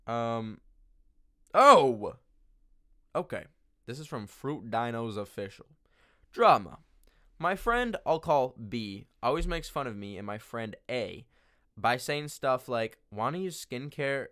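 Medium-pitched and slow, with long pauses, this young podcast host records solo from his bedroom, seated on the carpet. His talk is casual, rambling and animated, full of swearing and filler words.

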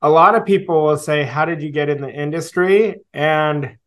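Earnest man telling his story. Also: on the high side. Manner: reflective, earnest, with fillers and pauses. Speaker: guest, sales coach. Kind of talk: storytelling interview answer.

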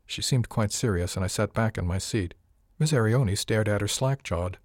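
Male audiobook narrator, low, calm, dry delivery, close and dry. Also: no echo. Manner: calm, measured, dryly understated. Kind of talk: first-person scripted narration.

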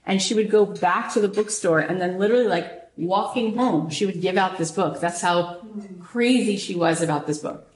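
A woman hosting a show, retelling a story in a lively, casual way, repeating phrases and often saying "like". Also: medium pitch, normal speed, slight background noise. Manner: animated, repeats phrases, frequent "like". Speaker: podcast host. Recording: roomy echo.

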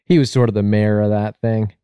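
A man's voice: steady tone, fairly quick, clean tone, no echo, muffled recording. A man on a podcast telling a long joke in casual chat, rambling and acting out the characters. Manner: rambling storyteller, acts out voices with big pitch jumps. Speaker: podcast co-host.

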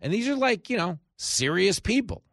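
A man hosting a radio talk show from a studio, speaking. His voice is bright and forceful, recorded dry and close. He tells stories with animation and bursts into shouted impressions. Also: high-pitched, moderate pace, dry recording. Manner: animated storyteller, acts out shouting characters.

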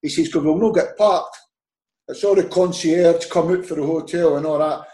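Scottish man, lively anecdote teller, slightly high voice, roomy echo. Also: moderate pace. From Scotland. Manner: animated storyteller, acts out quoted dialogue, laughs often. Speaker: podcast guest, former footballer. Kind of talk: casual anecdote telling.

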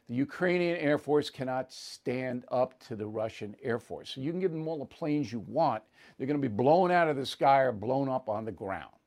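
A man with a slightly high voice hosts his own show in a steady opinion monologue. He is blunt and emphatic, and he drives each point home with "okay?" and "all right?". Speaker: political commentator hosting his own show.

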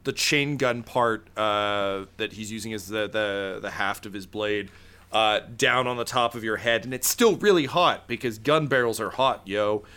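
Game master, a man with a bright, clear voice, relaxed and full of fillers. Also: on the low side, normal speed. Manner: laid-back, many fillers. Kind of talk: narrating a tabletop game. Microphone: video call.

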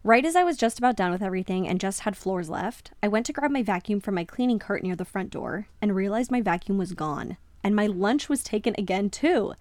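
Woman, podcast host, mid-range pitch, dry close sound, reads a listener's story aloud, lively emphatic reactions. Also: a little fast, few pauses, no echo. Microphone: podcast microphone.

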